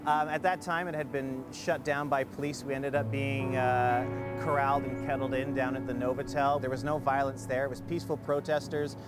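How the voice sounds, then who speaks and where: A man giving earnest personal testimony as an interviewee, pausing often with fillers. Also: medium pitch, level tone, over loud music.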